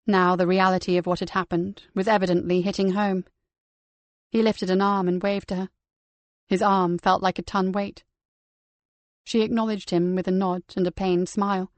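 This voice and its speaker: A woman's voice: mid-range voice, level tone, normal speed, no echo. Woman narrating a crime audiobook. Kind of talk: scripted crime fiction narration.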